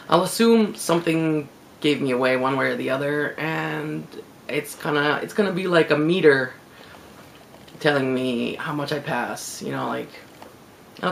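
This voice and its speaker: A man with a gravelly voice, talking candidly in a casual reflective video blog and laughing easily. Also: on the high side, a little slow, slight background noise, poor audio. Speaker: video blogger.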